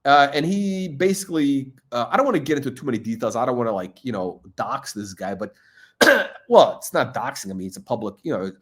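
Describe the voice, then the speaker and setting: A man's voice: mid-range voice, animated, fairly quick. A middle-aged man hosting a watch channel, chatting in a gossipy, digressive way, full of asides and fillers. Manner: gossipy, digressive, heavy on "you know" fillers. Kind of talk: rambling livestream chat.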